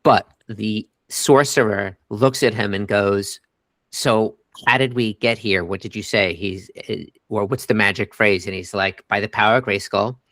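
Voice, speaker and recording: A man's voice: fairly low pitch, fairly even intonation, measured pace, fairly bright tone, no room sound, clean studio sound. A middle-aged man co-hosting a podcast, chatting casually about a movie and quoting scenes animatedly. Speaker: podcast co-host. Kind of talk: casual movie review chat.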